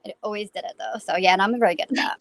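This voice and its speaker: Casting: woman panelist, mid-pitched, giggly storyteller, dry close sound. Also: rapid-fire, no room sound. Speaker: panel guest. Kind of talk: casual live-stream chat.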